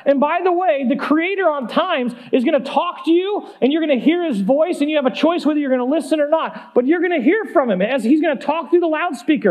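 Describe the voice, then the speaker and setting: A man in his thirties preaching a storytelling sermon, animated and comic, laughing at himself. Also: very high-pitched, brisk, hardly any pauses.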